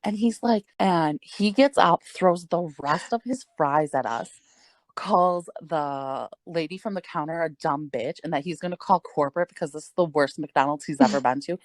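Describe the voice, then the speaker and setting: A young adult woman with a low-sitting voice co-hosts a podcast, telling a story at normal speed on a dry recording. She rambles casually, leans heavily on "like," swears often and laughs a lot.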